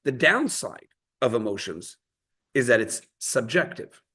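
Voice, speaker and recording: A man's voice: mid-range voice, sing-song, measured pace, pushed and bright, husky. A man teaching a Torah class in a conversational way, explaining ideas through stories and everyday examples. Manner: conversational, storytelling with quoted voices.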